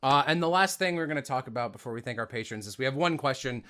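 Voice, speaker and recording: A man hosting a casual chat about voice acting, animated and breaking into demo voices, his voice tired after a long day. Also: mid-range voice, quick pace. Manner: animated, demonstrates voices mid-sentence. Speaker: podcast host.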